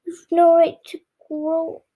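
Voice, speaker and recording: A child voicing a sulky male dormouse, reading aloud slowly. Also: very high voice, completely flat delivery, phone-quality sound.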